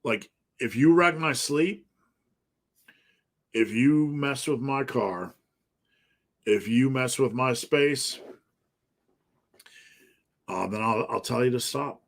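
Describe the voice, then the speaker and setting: A man's voice: medium pitch, takes it slowly, pauses often. Blunt, profane man ranting. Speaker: fitness coach answering live questions. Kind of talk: live Q&A rant.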